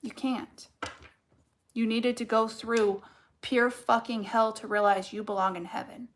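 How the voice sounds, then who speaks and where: A young woman with a fairly high voice reads tarot cards in a loose, casual way. She is blunt and fired up, and she swears constantly as she presses her point home. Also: little pitch movement, measured pace, slight background noise. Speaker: tarot card reader. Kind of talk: casual collective reading.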